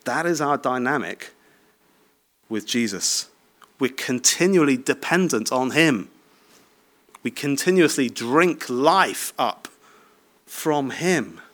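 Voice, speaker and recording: A man in his thirties preaches in an easygoing, conversational way, often turning to the listeners with short tag questions. His voice sits at a middle pitch, and he laughs lightly from time to time. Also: expressive, slow, pauses often, fairly bright tone. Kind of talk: sermon.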